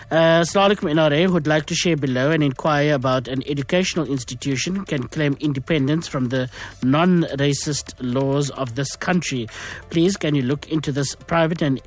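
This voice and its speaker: A man hosting a talk radio show from South Africa, explaining at length with many fillers and restarts. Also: on the high side. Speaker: radio host.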